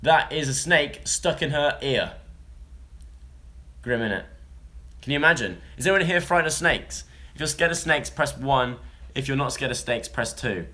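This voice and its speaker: Young male vlogger, bright and forward tone, chatty and jokey, prone to tangents. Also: mid-range voice, animated, normal speed, pauses often. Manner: chatty, jokey, rambling asides. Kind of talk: casual chat, reading news stories to a live audience.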